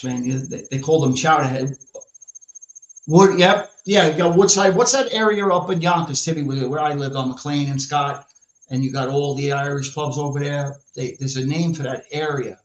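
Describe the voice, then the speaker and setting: A man with a New York accent ranting brashly and profanely as a podcast host in casual chat. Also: mid-range voice. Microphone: live stream mic. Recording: echoey lo-fi room sound.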